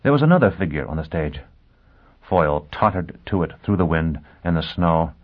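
A man reading a story aloud as narrator in a measured, dramatic way. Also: low voice, sing-song. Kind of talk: audiobook narration. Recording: tinny phone-like sound.

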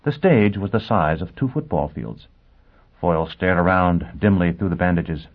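A man reading a story aloud as narrator in a measured, dramatic way. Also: deep voice, lively intonation. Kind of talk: audiobook narration. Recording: tinny phone-like sound.

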